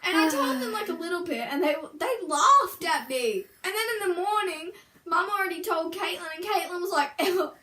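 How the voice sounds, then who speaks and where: A woman's voice: extremely high pitch, animated, moderate pace, sharp tone, a little hiss or hum. A woman animatedly telling the story of a dream in a casual story-time video, acting out voices with gasps and screams. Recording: echoey room from a distant mic.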